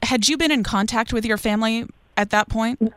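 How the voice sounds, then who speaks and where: A woman interviewer who asks gentle, sympathetic questions in a soft way. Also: fairly high pitch, brisk, clear, resonant tone, no echo.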